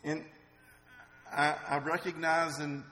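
A man's voice: a little high, level tone, slow, sharp tone, faint music behind. A middle-aged man preaching a sermon in an earnest, conversational way. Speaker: pastor. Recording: long reverb in a large hall.

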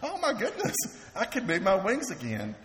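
A man voicing a stubborn little bird in a parable, in a quiet, hushed storytelling voice. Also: a little high, sing-song, a little fast, gravelly, noisy background. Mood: delighted. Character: stubborn little bird, fretful then relieved. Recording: echoey hall with faint ambience.

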